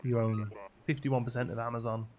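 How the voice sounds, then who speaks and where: A man's voice: medium pitch, flat delivery, a little fast, darkish tone, lightly acted. A man voicing a breezy, easygoing male genie as he tells a joke, in an offhand way. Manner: casual offhand joke-telling delivery. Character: easygoing male lamp genie granting wishes.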